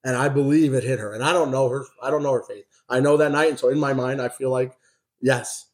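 A man's voice: medium pitch, steady tone, brisk. A man preaching a sermon. He reads scripture with emphasis, then tells a personal story in a loose, conversational way. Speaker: pastor.

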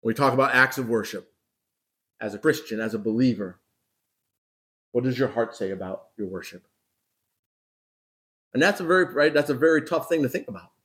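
A man's voice: medium pitch, expressive, fairly quick, pauses often, fairly bright tone. Emphatic conversational preacher man. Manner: conversational preaching, frequent rhetorical questions and "right?"; emphatic repetition. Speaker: pastor. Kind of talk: sermon.

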